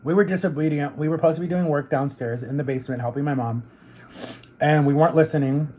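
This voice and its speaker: Animated young-sounding man telling a story. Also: fairly high pitch, quick pace, slight background noise. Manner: animated, rambling, fillers of like and literally. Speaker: vlogger. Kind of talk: casual storytelling while eating. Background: eating on camera between sentences.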